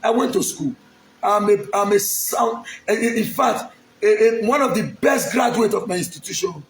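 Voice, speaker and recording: A man's voice: high voice, animated, moderate pace, echoey room, slight background noise. A man from Edo State, Nigeria, with a Nigerian accent, making an emphatic, pleading public appeal straight to the camera and repeating his lines. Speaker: aspiring local politician.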